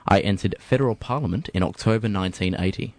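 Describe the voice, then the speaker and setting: Radio host, male, relaxed and jokey, very low voice, dry studio sound. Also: quick pace, dry recording. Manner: relaxed, joking, runs the game. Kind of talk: hosting a radio show.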